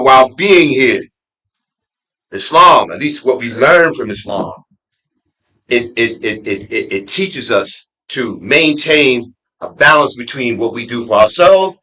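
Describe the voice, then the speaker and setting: A middle-aged man, an imam giving a conversational Friday sermon with street slang, dropping to low asides and rising to loud emphatic peaks. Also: low-quality recording. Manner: street slang and laughter mixed into preaching. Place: mosque.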